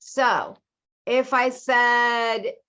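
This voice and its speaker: Woman teacher trainer, slow emphatic explaining, muffled lo-fi recording. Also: on the high side, steady tone, a bit bright, clean tone. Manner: explanatory, emphatic, illustrates with spoken examples. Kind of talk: workshop presentation.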